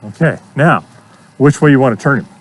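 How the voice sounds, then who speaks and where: A man coaching a student through horse training outdoors, giving steady encouragement and repeating his praise. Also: medium pitch, a little fast. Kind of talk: hands-on coaching.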